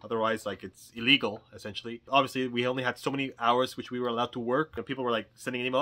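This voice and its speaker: Male toy shop vlogger, rambling and jokey, bright voice. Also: mid-range voice, fairly even intonation, very fast, few pauses. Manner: rambling, jokey, acts out quotes. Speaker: toy store owner and vlog host. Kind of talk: casual storytelling vlog.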